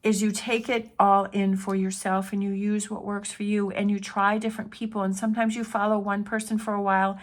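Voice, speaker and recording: A woman's voice: medium pitch, flat delivery, a little fast, few pauses. A woman tarot reader giving an earnest, encouraging spiritual pep talk, often repeating her phrases.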